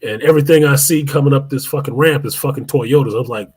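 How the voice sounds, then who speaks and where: A man hosting a live show, telling a long, profane story in an animated way. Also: medium pitch, fast talker, few pauses, breathy edge. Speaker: host.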